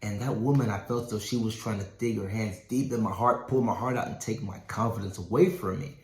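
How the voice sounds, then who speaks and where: A man's voice: on the low side, fairly even intonation, brisk, a little mellow. A man in his thirties giving a keynote speech as a doctor, telling a personal story and acting out the dialogue. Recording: echoey hall.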